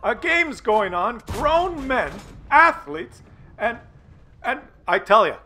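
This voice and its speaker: High, bright-voiced man ranting. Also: sing-song, takes it slowly, a little hiss or hum. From Canada. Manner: profane, sarcastic, mock play-by-play. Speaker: gaming channel host. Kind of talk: ranting commentary over gameplay.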